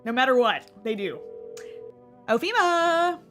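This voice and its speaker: Bright, high-voiced woman streamer. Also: normal speed, soft background music. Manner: sarcastic, excitable, swears casually. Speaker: gaming streamer. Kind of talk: gaming commentary.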